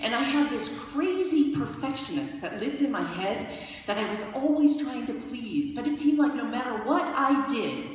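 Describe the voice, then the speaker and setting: A woman telling a true story on stage to a live audience, wry and self-mocking, pausing for laughs. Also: fairly high pitch, expressive, slight background noise. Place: large hall with a live audience. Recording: distant echoey hall recording.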